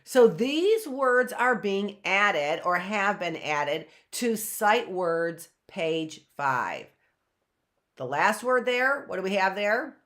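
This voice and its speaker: A woman's voice: mid-range voice, fairly bright tone. A middle-aged woman teaching an online phonics lesson, patiently repeating and sounding out words for young learners.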